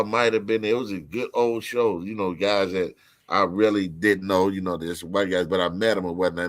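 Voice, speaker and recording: A man's voice: deep voice, a bit bright, no room sound. A man telling a long, rambling story as a podcast guest, swearing freely and restarting his sentences.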